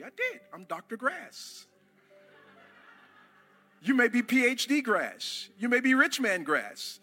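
A man preaching a sermon to a church congregation, impassioned, rising to shouts and calling on the crowd to answer. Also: very high voice, sing-song, measured pace, long pauses, slightly rough, faint music behind. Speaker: pastor.

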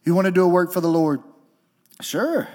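A man who is a lead pastor, preaching a sermon in an emotional, animated way, moving from soft and low to high and loud. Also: normal speed.

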